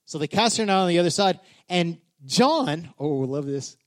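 High-voiced, animated male preacher. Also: normal speed. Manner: animated storyteller, builds to shouting. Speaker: pastor. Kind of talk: sermon.

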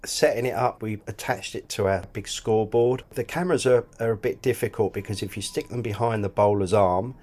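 A man's voice: on the low side, a little fast, hardly any pauses, darkish tone. A man chatting enthusiastically on a podcast, often repeating words as he talks. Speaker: club cricket scorer and podcast guest. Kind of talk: casual podcast chat.

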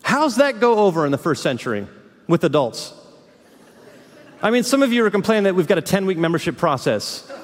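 Male pastor, high voice, dramatic sermon delivery, church hall reverb. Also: big pitch swings, brisk, slight background noise. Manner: dramatic swings between hushed lows and fiery peaks.

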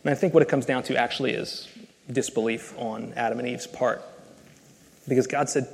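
A pastor giving an emphatic, earnest sermon and reading scripture aloud. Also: male voice, mid-range voice, fairly even intonation, moderate pace, long reverb tail. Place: church sanctuary.

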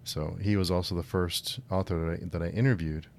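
Low-voiced man reading a short story. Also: fairly even intonation, brisk, gravelly, a little mellow, a little hiss or hum. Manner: friendly, with filler words and restarts. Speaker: book channel host reading a short story. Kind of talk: casual intro then story narration.

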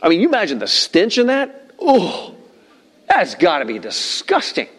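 Fairly high-voiced joking male pastor. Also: normal speed, husky. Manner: lively, joking asides, emphatic repetition. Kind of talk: sermon.

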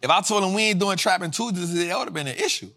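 A male host teaching personal finance to a live audience in a casual, slang-filled way, swinging into sermon-like, sung-out shouts. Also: high-pitched, lively intonation, fast talker. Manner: preacher-like cadence, rising to shouts. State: tired after a flight. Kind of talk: motivational livestream teaching.

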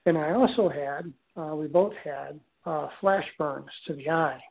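Over a tinny phone line, a guest rambles casually through a long personal story, with plenty of fillers and false starts. His voice is gravelly, a touch high, and a little slow.

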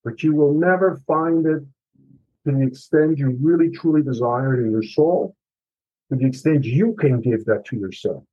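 Earnest middle-aged guy telling his story, kinda husky, bit muffled audio. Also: on the high side, moderate pace. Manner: emotional, earnest and confessional, mild swearing. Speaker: author and podcast guest. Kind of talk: candid personal storytelling.

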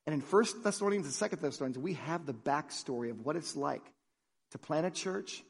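A male pastor preaching with energy and humor in a fairly high, husky voice. He tells stories in an animated way, and the long reverb of a church auditorium trails after his words. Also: fairly quick. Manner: energetic, jokey, animated storytelling. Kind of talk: sermon.

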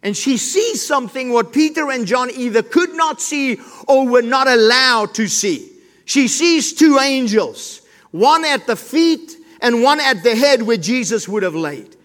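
A man's voice: very high voice, lively intonation, measured pace, a bit bright. A male pastor preaching an emphatic sermon, throwing rhetorical questions to the congregation. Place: church. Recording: long reverb of a large hall.

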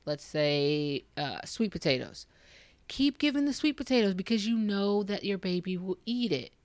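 A woman's voice: on the low side, no room sound. A young woman giving casual, encouraging parenting advice straight to other moms, direct and reassuring. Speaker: parenting vlogger. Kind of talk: casual advice talk to camera.

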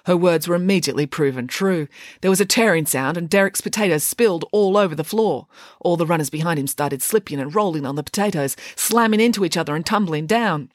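A woman narrating a children's storybook in an expressive, lively way. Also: lowish voice, a little fast, no room sound, studio quality. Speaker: audiobook narrator.

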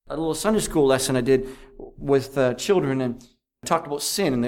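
Fervent man preaching, rising high. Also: lively intonation, fast. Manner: fervent, with big swings from loud to hushed; rhetorical questions and repetition. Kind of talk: evangelistic sermon. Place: evening meeting.

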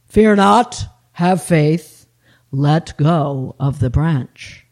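A solemn, booming divine voice calls down from on high, slow and deep and full of command, as a woman puts it on. Every word lands heavy and unhurried. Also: expressive, a little mellow, exaggerated voice. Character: booming solemn voice of God from above.

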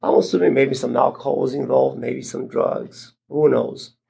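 A middle-aged man, a guest landlord, telling a story in casual, rambling talk full of fillers and restarts, jumping higher in pitch when he quotes others. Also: moderate pace, gravelly, slightly rough. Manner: animated, jumps higher when quoting others.

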